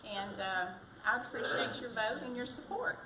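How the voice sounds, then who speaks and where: Echoey, distant audio with background noise captures a woman campaigning for county treasurer at a fire department community event. Her delivery is chatty and self-mocking, her voice a little high, pushed and bright, at normal speed.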